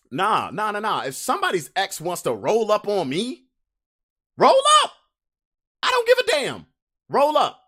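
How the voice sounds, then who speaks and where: A man's voice: fairly high pitch, a bit bright. A man hosting a podcast, delivering a brash, swaggering comic rant full of trash talk. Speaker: podcast host.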